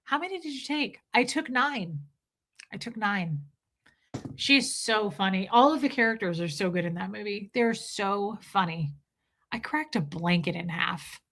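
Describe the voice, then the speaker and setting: Animated and a bit bright, a woman with a medium-pitched voice talks at normal speed while hosting a livestream. She casually reads viewer comments and gushes about favorite movies, full of exclamations and quoted film lines.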